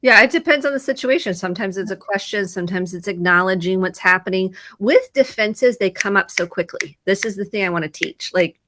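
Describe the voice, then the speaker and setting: A woman's voice: mid-range voice, brisk, hardly any pauses, bright, forceful tone, dry recording. A woman therapist talking casually on a video call, telling stories and acting out her own quoted lines with animation. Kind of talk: video chat about mental health.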